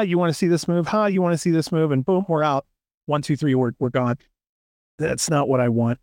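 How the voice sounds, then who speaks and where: A podcast co-host with a darkish, mid-range voice launches into long, rambling, opinionated rants during casual chat, acting out quotes in a raised voice. The recording is dry and studio quality.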